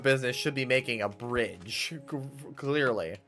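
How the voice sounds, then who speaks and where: A man's voice: mid-range voice, normal speed, hardly any pauses, fairly bright tone. A man streaming a game, chatting casually and nostalgically while he thinks aloud. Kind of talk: casual gameplay commentary. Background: faint game music.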